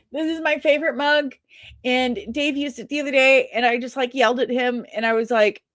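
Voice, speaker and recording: A woman's voice: high-pitched, fairly even intonation, a little fast, fairly bright tone, no room sound, studio quality. A woman hosting a podcast in casual chat, rambling and self-deprecating with many fillers. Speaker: podcast host and comic creator.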